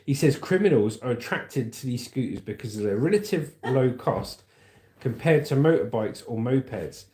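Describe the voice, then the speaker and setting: A man with a southern English accent reads news stories aloud and keeps breaking off to chat casually with his viewers. His voice sits at a middle pitch. The sound carries the echo of a roomy space. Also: expressive, normal speed, dark tone. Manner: casual, chatty asides, calls viewers mate. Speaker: livestream host.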